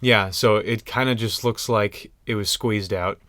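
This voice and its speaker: A man's voice: fairly low pitch, steady tone, unhurried, a bit bright, no room sound. A young man co-hosting a podcast in casual chat, joking and rambling with frequent laughs. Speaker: podcast co-host.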